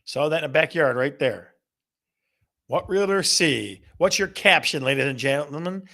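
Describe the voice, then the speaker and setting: This live real estate stream is hosted by a man whose voice is a little high, fairly quick, pushed and bright. In a playful manner, he repeats questions to his audience and reads their answers aloud.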